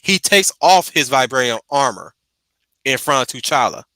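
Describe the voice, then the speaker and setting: A man talks casually as the host of a stream, tripping over his words and repeating himself as he works through his ideas. His voice is bright and forceful. The sound is dry and close, with no room echo. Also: medium pitch, animated, normal speed. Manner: stumbling restarts, repeats words.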